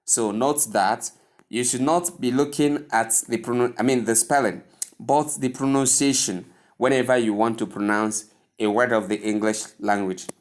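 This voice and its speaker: A man's voice: mid-range voice, fairly even intonation, moderate pace. A man teaching English pronunciation over slides, repeating each word several times in an earnest, urging way. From Nigeria. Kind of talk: slow instructional lesson over slides.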